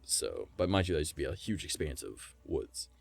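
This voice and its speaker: A man streaming live, telling a story in a loose, profane, animated way and keeping the listener with him through repeated "right?" asides. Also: extremely low pitch, brisk, creaky, husky.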